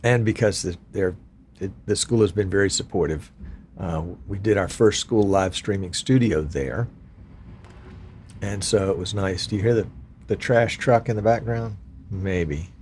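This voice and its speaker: A man's voice: sits low, measured pace, a little mellow, a little hiss or hum. A man in his sixties, from Virginia, hosting a casual live stream and chatting with viewers in a folksy, chatty, self-deprecating way.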